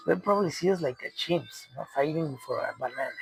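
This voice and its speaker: Gravelly, exasperated man. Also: fairly high pitch, lively intonation, quick pace, no echo, rough recording. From Mexico. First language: Spanish. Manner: profane, exasperated, rambling with restarts. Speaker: commentator. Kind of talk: unscripted rant.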